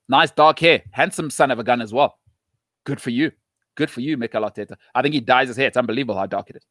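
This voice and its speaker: A middle-aged man hosting a talk show, giving emphatic, punchy football opinions with quick repetitions. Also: medium pitch, fairly bright tone, dry recording, clean studio sound. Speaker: show host.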